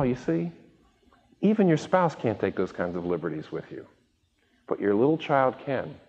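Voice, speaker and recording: A male preacher delivers a sermon with a wide-ranging, animated voice, often repeating a word as he restarts. He acts out the voices of the people he quotes. The recording is dull and muffled, with long reverb from a large hall. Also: mid-range voice. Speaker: pastor.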